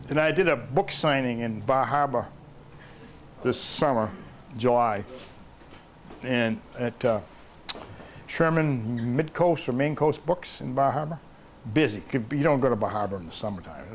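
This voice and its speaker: A man's voice: mid-range voice, slight background noise. An older man with a Maine accent, an author telling folksy anecdotes to a library audience and acting out the voices in his stories. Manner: folksy anecdotal storytelling, acts out quoted voices. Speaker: author giving a library talk. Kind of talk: storytelling talk. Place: public library talk room.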